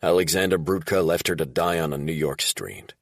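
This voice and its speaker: A man's voice: extremely low pitch, fairly quick, no room sound. A man playing a blunt, profane middle-aged former federal agent in an audiobook.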